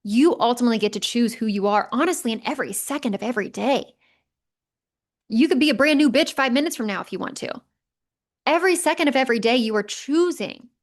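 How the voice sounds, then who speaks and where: A woman's voice: a little high, expressive, fast talker. A woman in her thirties hosting a podcast, talking through a motivational monologue in an emphatic, conversational way with some mild swearing. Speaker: podcast host.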